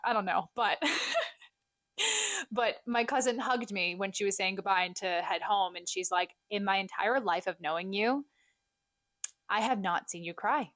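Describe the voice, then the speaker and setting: A woman's voice: mid-range voice, dry recording. Young woman podcast host, chatty and joking at herself, dry close mic. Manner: chatty, self-deprecating, animated storyteller. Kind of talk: casual solo catch-up chat.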